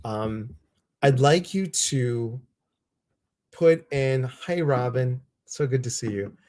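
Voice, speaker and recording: A man hosting a casual wellness livestream, effusive and heartfelt as he speaks straight to his viewers. His voice sits at an everyday middle pitch. The sound is close and dry, with no room around it. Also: expressive, slow pace, a little mellow, dry recording, rough recording. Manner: effusive and heartfelt, retelling conversations with quoted voices; talks straight to viewers, greeting them by name.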